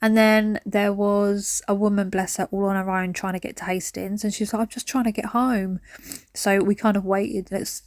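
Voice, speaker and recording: A woman's voice: mid-range voice, flat delivery, normal speed, no room sound, studio quality. A woman, chatting through a cleaning vlog at home, rambling between stories and sudden whispered asides. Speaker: cleaning vlogger. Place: at home, indoors.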